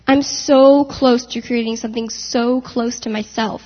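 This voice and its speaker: The Lord as a proud, eager male creator, read by a woman in a church stage reading. The voice sits fairly high and the delivery is brisk and emphatic. It is captured as a dull recording with a long echo from a hall. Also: steady tone. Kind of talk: church readers' theater.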